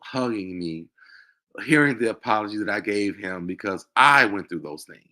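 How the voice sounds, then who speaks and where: Man, show host, confessional monologue, halting and emotional, tense forceful tone. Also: fairly low pitch, lively intonation. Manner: emotional, halting, with many fillers.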